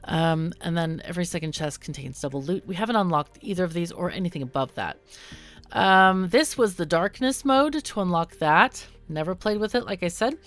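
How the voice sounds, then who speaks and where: A woman's voice: on the low side, lively intonation, brisk, fairly bright tone. A woman hosting a casual let's-play, chatting through the game with lots of ums and self-corrections. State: hiccuping. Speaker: gaming channel host.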